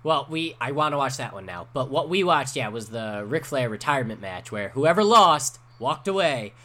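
A man in a casual podcast chat, telling a story with animated energy and swearing freely. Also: medium pitch, normal speed.

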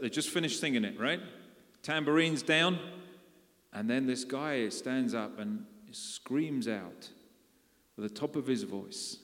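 A man's voice: mid-range voice, animated, unhurried, pauses often. Preacher guy, chatty sermon, keeps asking the room questions, echoey hall. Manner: conversational, asks the congregation questions. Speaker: pastor. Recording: long hall reverb.

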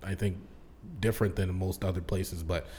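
A man hosting a podcast, relaxed and opinionated, talking with slang. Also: deep voice, normal speed, a little hiss or hum. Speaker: podcast host. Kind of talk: casual chat.

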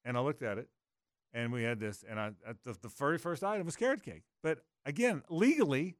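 A middle-aged male radio host spins a long, self-deprecating yarn, circling back and restarting his sentences as he goes. His voice sits at an ordinary pitch, and the studio sound is close and dry. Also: animated, brisk, dry recording. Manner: rambling storyteller, self-mocking, lots of restarts. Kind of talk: casual radio banter.

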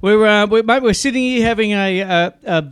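A high-voiced man hosts a relaxed radio show, his voice close and dry. He bantes jovially and stalls often with "uh" while he hands over to a caller. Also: fairly quick, smooth, no room sound. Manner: jovial, hesitant, many "uh"s. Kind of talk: casual pub-style banter.

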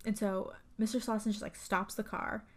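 A woman's voice: mid-range voice, little pitch movement, normal speed. A woman co-hosting a podcast, casually recapping a horror movie, rambling and profane with many fillers. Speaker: podcast co-host.

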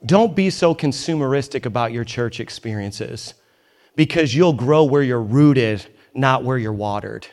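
A man's voice: mid-range voice, lively intonation, measured pace, a little mellow. A man pastor preaching a sermon in a church, emphatic and conversational with joking asides. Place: church in New York.

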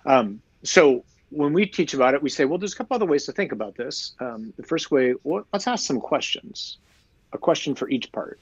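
A man who is a priest, explaining his faith in a lively conversational way, full of rhetorical questions. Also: fairly high pitch, moderate pace, slightly rough, no echo, muffled recording. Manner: animated storyteller, rhetorical questions. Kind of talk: conversational teaching.

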